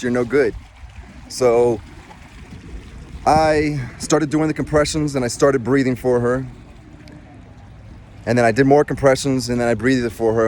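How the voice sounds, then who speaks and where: A middle-aged man, a former Marine, telling a personal story in casual, rambling speech with many restarts. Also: medium pitch. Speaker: former Marine recounting a rescue.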